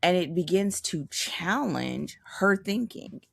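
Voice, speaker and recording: A woman co-hosting a book podcast in relaxed, animated chat, dropping slangy asides. Her voice sits very low with a gravelly fry. The sound is dry and close, with no room echo. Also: slow. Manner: animated, slangy, laughs often. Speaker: podcast co-host. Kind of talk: casual book discussion.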